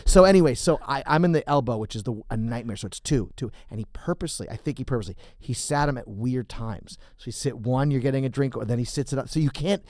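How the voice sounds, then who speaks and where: A man's voice: mid-range voice, quick pace, few pauses, darkish tone, dry recording. A male comedian, a guest on a podcast, telling a rambling, profane story full of restarts in a studio.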